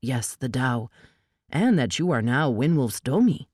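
A woman's voice: low-pitched, expressive, moderate pace, dark tone, dry recording, studio quality. A woman reading the part of a formal, earnest male elf escort, grave and courteous.

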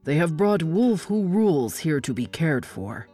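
A woman narrator voicing a calm, firm male elf guard who speaks low and measured, in an audiobook fantasy reading. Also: faint music behind, full character voice. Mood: stern.

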